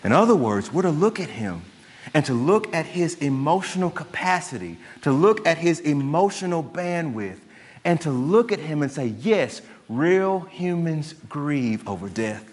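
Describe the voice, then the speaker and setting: A male pastor preaching a sermon in an animated way, often asking his listeners rhetorical questions. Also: fairly high pitch, normal speed. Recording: long hall reverb.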